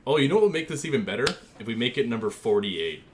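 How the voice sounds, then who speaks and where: Goofy young male streamer with a lively voice. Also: medium pitch, fast talker, slight background noise. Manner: goofy, joking, easily amused, talks to chat. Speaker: gaming streamer. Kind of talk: casual livestream chat while designing a paint scheme.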